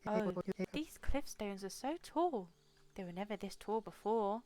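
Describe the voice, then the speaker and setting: A woman's voice: on the high side, expressive, normal speed. A young woman streaming a video game, chatting casually and reading its dialogue aloud, often poking fun at herself. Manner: chatty, self-deprecating, reads game lines aloud.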